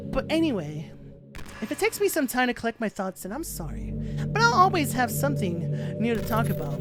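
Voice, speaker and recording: Woman doing a clingy lovesick schoolgirl, high and swingy, game music behind. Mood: teasing. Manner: sweet then wounded and pleading. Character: obsessive lovesick schoolgirl club president.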